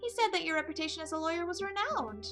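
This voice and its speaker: A woman voicing a timid, squeaky little male mouse in a game playthrough, talking nervously. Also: sing-song, fast talker, music in the background, heavily acted. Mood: flustered. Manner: nervous, hesitant.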